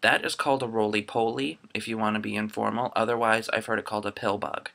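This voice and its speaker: A man's voice: lowish voice, fairly even intonation, fast, vocal fry, sharp tone. A young man from Florida chatting casually through a dialect survey into his laptop webcam, rambling with lots of ums. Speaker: vlogger.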